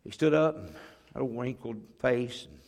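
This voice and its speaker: Man, pastor, sermon storytelling, earnest, emotional, gravelly. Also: mid-range voice, expressive, moderate pace, darkish tone. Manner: earnest, emotional storytelling that acts out others' words.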